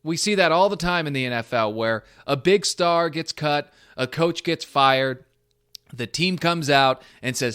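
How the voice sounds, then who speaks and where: A man's voice: fairly high pitch, measured pace, smooth. A young man hosting a solo sports podcast, talking animatedly and thinking aloud, often poking fun at himself. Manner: animated, self-deprecating, thinking aloud with restarts. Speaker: podcast host.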